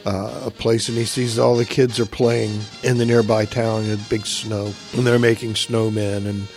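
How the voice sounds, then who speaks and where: A man's voice: lowish voice, level tone, moderate pace, darkish tone, faint music behind. A man casually recapping a comic book story in a rambling way, with frequent uhs.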